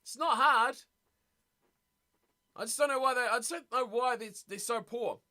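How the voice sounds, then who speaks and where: A man's voice: very high voice, moderate pace, pushed and bright. A man hosting a rugby watch-party stream, ranting bluntly in casual chat and reacting to viewer comments.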